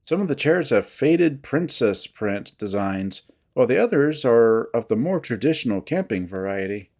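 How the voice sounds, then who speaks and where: A narrator reads a visual novel in the first person, steady and descriptive. The intonation is lively, rising and falling often. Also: mid-range voice, normal speed.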